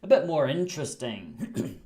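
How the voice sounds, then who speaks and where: A chatty man talks over a rugby management game on a livestream. His voice sits high for a man. He laughs often and breaks into excited asides. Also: measured pace. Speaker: livestream host. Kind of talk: casual game commentary.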